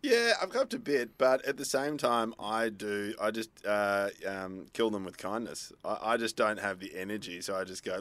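A man's voice: fairly low pitch, lively intonation, moderate pace, hardly any pauses, a bit bright, no echo. A man co-hosting a casual chat, playful and acting out mock quotes.

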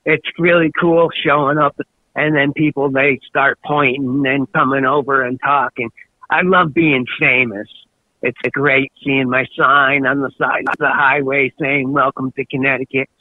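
A man's voice: mid-range voice, level tone, a little slow, dry recording, natural voice. A man on the phone putting on a boastful, goofy state governor who brags and mocks. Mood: smug bragging. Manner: bragging, gleeful, mocking, with laughs. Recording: tinny phone line.

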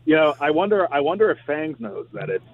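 A man's voice: on the high side, very animated, a little fast, crowd noise. Man, calling in by phone from his car, tinny phone-line sound, dry and hesitant, stumbles over words. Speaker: radio co-host calling in from a drive-thru. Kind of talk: casual on-air banter. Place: car at a drive-thru.

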